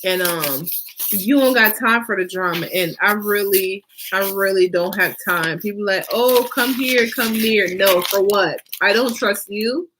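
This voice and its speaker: There's a noisy background as a woman hosts her fashion vlog, talking at a measured pace in a mid-range voice. As a designer, she speaks casually and emphatically, repeating phrases, asking rhetorical questions and using lots of fillers.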